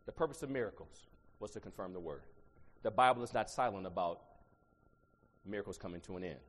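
A middle-aged man from Ohio with an Ohio accent, preaching a sermon. He swings between shouted emphasis and low asides and draws the congregation into call-and-response. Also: expressive, brisk. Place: church sanctuary. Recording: long reverb in a large hall.

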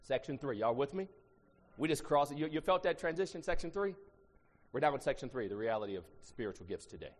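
A middle-aged man from Ohio with an Ohio accent, preaching a sermon. He swings between shouted emphasis and low asides and draws the congregation into call-and-response. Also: animated, quick pace. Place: church sanctuary. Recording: long reverb in a large hall.

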